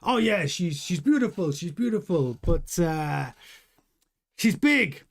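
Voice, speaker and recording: A man voicing a flustered male racing driver in a deliberately bad mock Spanish accent, halting and stammering as he repeats himself. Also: fairly high pitch, sing-song, heavily acted. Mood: awkward, hesitant. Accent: mock Spanish, put on badly.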